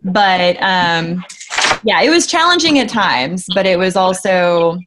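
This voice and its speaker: A woman's voice: fairly low pitch, animated, slow pace, background noise. A woman, an actress, chatting casually in an interview, hesitant with many fillers. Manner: hesitant, many ums and likes. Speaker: actress guest.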